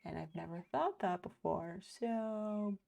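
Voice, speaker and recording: A woman's voice: medium pitch, takes it slowly, vocal fry, warm tone. A woman in her thirties, a live streamer, chatting casually and rambling while she reads her chat aloud and swears freely. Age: 30s.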